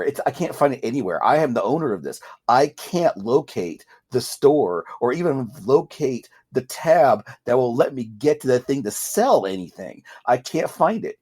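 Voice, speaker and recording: A man's voice: medium pitch, a little mellow, slightly rough. Exasperated man ranting in casual chat. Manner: exasperated ranting, voice jumping up when frustrated; swears freely, self-interrupting. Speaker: podcast co-host.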